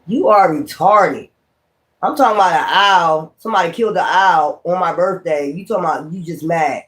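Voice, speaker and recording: A man's voice: on the high side, moderate pace, a bit bright. A man who reads tarot, ranting on a livestream in a profane, confrontational way and repeating his points. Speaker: tarot reader. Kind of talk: livestream rant.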